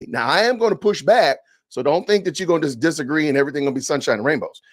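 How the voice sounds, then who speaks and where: A man hosting a podcast livestream, reading comments aloud with animated, indignant, preachy ranting. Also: fairly high pitch, racing. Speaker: podcast host.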